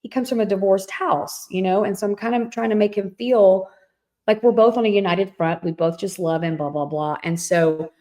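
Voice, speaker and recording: A middle-aged woman talks casually as a podcast co-host, telling a long personal story. She voices the people in it as she goes, with lots of fillers and restarts. Her pitch sits in the middle for a woman. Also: normal speed. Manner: animated storyteller, acts out quoted dialogue.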